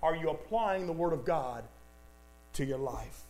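A man's voice: fairly high pitch, animated, measured pace, darkish tone, low-quality recording. A man preaching a sermon, emphatic, repeating lines for stress and speaking straight to the congregation. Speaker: pastor.

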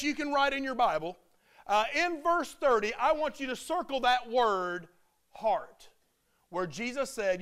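Man, very high voice, preacher, emphatic sermon, shouted peaks.

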